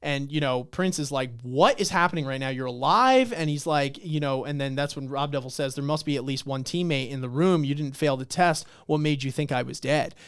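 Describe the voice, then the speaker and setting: A man on a podcast, casually recapping a webtoon and acting out the characters' lines with swearing and excitement. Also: medium pitch, brisk, few pauses, clear, resonant tone, no room sound, clean studio sound. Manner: animated retelling, acts out lines, swears. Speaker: podcast co-host.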